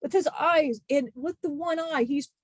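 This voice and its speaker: A woman channeling the spirit of an ancient male disciple, telling a grieving testimony in halting, emotional bursts with many restarts. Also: sits high, dry recording, lightly acted. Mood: solemn.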